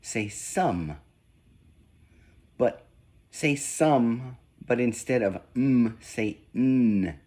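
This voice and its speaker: A man slowly giving spoken sound-swap drills, one deliberate prompt at a time. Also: mid-range voice, expressive, mellow. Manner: slow, deliberate, evenly paced prompts. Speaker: reading test examiner. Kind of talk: slow scripted phoneme drill.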